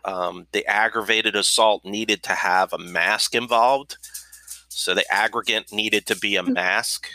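Bright-voiced podcast host, low and dry. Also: male voice, steady tone, a little slow, no room sound. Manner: swearing, joking, filler-heavy. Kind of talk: casual podcast chat.

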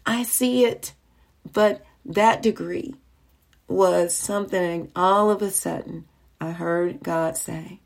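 A woman preaching a testimony in an earnest, heartfelt way. She speaks slowly and deliberately and leans into each point with urgency. Her pitch sits at an ordinary middle height. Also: vocal fry. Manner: earnest storytelling, acting out quoted people. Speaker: church speaker. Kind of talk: testimony sermon.

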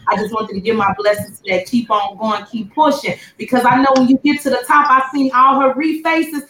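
Female interviewer: animated, quick, slightly high voice, echoey room. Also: slight background noise. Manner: animated, fast questions, quick reactions. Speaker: host. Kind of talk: casual interview. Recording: roomy echo.

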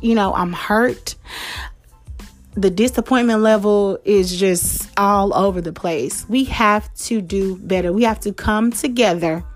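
A woman hosting a podcast, talking straight to her listeners in a blunt, profane, emphatic way, repeating herself for stress. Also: mid-range voice. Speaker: podcast host. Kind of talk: casual direct-to-listener monologue.

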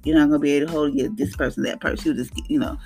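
A woman's voice: deep voice, steady tone, very fast, a little mellow, soft background music. A woman giving an earnest devotional talk on her podcast, preaching and telling personal stories with quoted dialogue. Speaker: podcast host.

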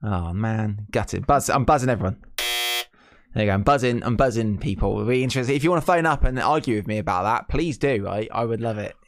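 A man's voice: on the low side, brisk, noisy background. A British man co-hosting a casual wrestling podcast, opinionated, ranting and repeating himself. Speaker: podcast co-host.

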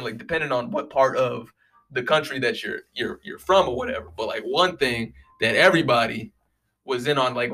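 A man's voice: medium pitch, fairly bright tone. Rambling, profane young man. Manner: rambling, profane, lots of "you know what I mean". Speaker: podcast host. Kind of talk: casual solo monologue.

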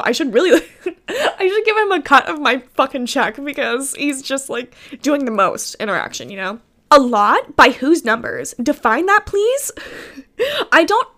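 A woman's voice: high voice, a bit bright. A young woman content creator ranting casually to camera, exasperated and sarcastic, swearing often and laughing between points. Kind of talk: casual vlog rant.

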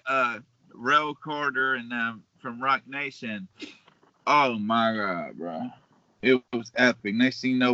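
A man from Pittsburgh, a hip-hop artist guest, telling animated, profane stories in a casual podcast chat and laughing often. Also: medium pitch, no room sound. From Pittsburgh, Pennsylvania. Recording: dull, dry lo-fi recording.

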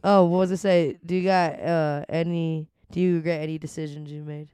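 A woman's voice: low-pitched, level tone, a little fast, mellow, smooth, no room sound. A young woman co-hosting a podcast, reacting often with laughter in casual chat. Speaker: podcast co-host.

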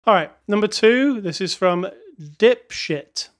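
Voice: medium pitch, animated, takes it slowly. A laid-back podcast co-host with a mid-range voice talks through a film in casual chat. The delivery is jokey, with chuckles slipped in between remarks. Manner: jokey, chuckles, reads reviews aloud wryly. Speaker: podcast co-host reviewing films.

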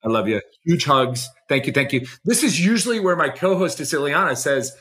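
A man co-hosting a podcast, chatting casually and warmly, with many fillers like "like". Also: a little high, very animated, a little fast, few pauses. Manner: effusive, heavy use of "like", warm praise. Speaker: podcast co-host. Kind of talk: casual chat.

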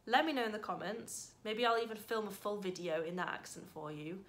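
A woman speaks straight to her camera in a casual vlog, her voice at a middle pitch. She sounds gentle and grateful, musing quietly, then lifting into bright bursts of enthusiasm. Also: a little fast. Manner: warm, grateful, softly reflective with sudden bright bursts. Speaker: vlogger.

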